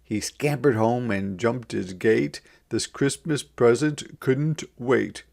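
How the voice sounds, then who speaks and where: A man reading a rhyming children's picture book aloud in a gentle, sing-song manner. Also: medium pitch, slow pace, vocal fry. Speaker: storybook reader. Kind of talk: children's read-aloud narration.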